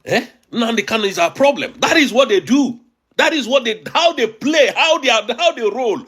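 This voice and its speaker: A man with a Nigerian accent delivers heated political commentary for his online show. His voice sits high and swings widely in pitch. He talks emphatically, repeating phrases as he presses his points. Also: lively intonation, moderate pace, a bit bright, slightly rough. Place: abroad, recording a video.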